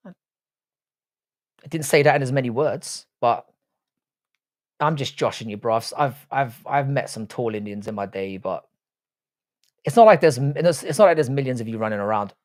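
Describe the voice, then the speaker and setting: A man's voice: mid-range voice, lively intonation, normal speed, pauses often, no room sound, studio quality. A man hosting a live stream in casual chat, swearing freely and bantering with his viewers.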